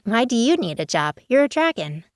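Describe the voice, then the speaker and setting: A woman voicing a bubbly, mischievous teenage werepanda girl in a storybook, whining and wheedling in a much higher, drawn-out voice. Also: sing-song, dry recording, clean studio sound. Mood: pleading, teasing. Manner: whiny, wheedling and pleading.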